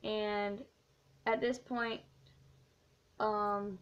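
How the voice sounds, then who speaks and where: A woman's voice: mid-range voice, level tone, drawn-out words. A teenage woman telling an earnest, rambling story in a casual vlog, with many fillers. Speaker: vlogger. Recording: dull lo-fi recording.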